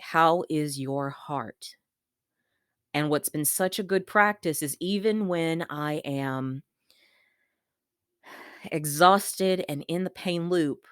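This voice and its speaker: Vlogger, woman, low pitch, earnest and halting, dry close recording. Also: no room sound. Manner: earnest, gentle, halting with fillers and repeats. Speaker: vlogger sharing a coping tip. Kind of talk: candid personal talk to camera.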